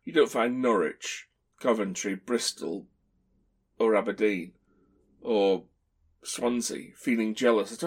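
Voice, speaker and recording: A man's voice: fairly low pitch, slow, pauses often, slightly rough. A man co-hosting a podcast, talking in a dry, wry, opinionated way. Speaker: podcast co-host. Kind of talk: casual podcast discussion.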